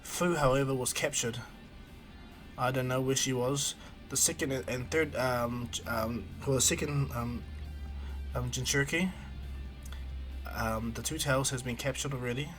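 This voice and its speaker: A man's voice: medium pitch, steady tone, normal speed, long pauses, a bit bright, soft background music, natural voice. A man voicing a laid-back adult male ninja teacher, rambling with many hesitations. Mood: reporting.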